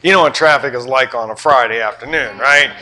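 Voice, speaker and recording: An older man with a Southern US accent preaching a sermon, animated and joking with his congregation. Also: medium pitch, brisk, low-quality recording. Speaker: pastor.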